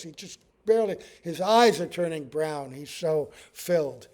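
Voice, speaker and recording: A man's voice: a little high, animated, normal speed, a little mellow. A man teaching a scripture class, telling stories with acted-out quotes and often asking "right?". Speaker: spiritual teacher.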